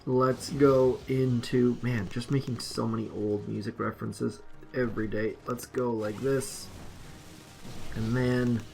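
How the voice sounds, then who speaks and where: A man's voice: medium pitch, steady tone, a little slow, vocal fry, a little mellow, faint music behind. A man casually commenting as he plays a mobile strategy game, rambling and self-deprecating. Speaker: mobile game video host.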